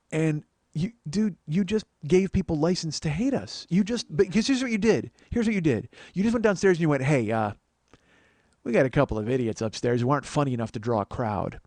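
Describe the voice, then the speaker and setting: Speaking into a podcast mic in a dry recording, a man with a slightly high voice hosts a podcast and recounts a road trip tale by himself. His delivery is profane and animated, and he voices the quotes of the people involved.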